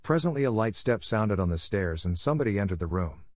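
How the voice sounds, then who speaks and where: A man narrating a classic novel in a steady, measured storytelling manner. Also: lowish voice, dry recording, clean studio sound.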